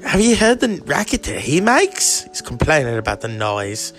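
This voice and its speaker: A man voicing a smug male devil who mocks his visitor in a sneering, drawn-out way. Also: fairly high pitch, wildly swooping pitch, a bit bright, soft background music, heavily acted. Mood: annoyed.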